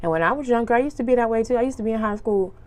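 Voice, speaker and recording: A woman's voice: a little high, very fast, darkish tone. A young adult woman hosting a solo podcast, talking casually in slangy speech, telling personal stories and acting out what people said. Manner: chatty storyteller, acts out quotes, laughs often. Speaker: podcast host.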